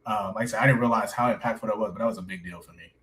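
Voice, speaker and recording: A man's voice: fairly low pitch, steady tone, rapid-fire, fairly bright tone, poor audio. A man in his thirties, a coffee shop owner, telling his story casually in an interview, often laughing and saying "man" and "you know what I'm saying". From United States.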